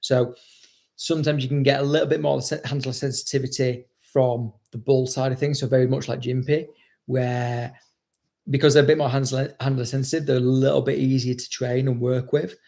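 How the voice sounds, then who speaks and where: Bloke dog trainer chatting away, swears a lot, blunt, bit of gravel in the voice, mid pitch. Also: male voice, little pitch movement, a little fast, warm tone. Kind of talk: casual chat.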